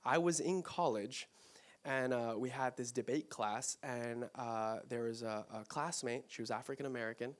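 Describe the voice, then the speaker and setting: A man's voice: medium pitch, normal speed. A man from Mexico giving an informal, conversational church talk, full of rhetorical questions and self-corrections. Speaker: church speaker. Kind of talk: conversational sermon.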